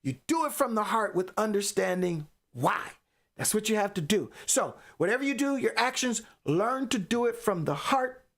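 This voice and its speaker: A woman's voice: medium pitch, lively intonation, moderate pace. A woman hosting a live motivational faith talk, emphatic and preachy, repeating phrases for effect. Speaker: podcast host.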